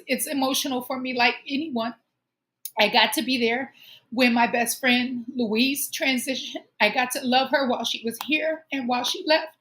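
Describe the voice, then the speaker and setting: Woman host, fairly high voice, heartfelt encouraging monologue, earnest delivery. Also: fairly even intonation, moderate pace, fairly bright tone. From Omaha, United States. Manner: earnest, encouraging, emotional at times. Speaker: show host.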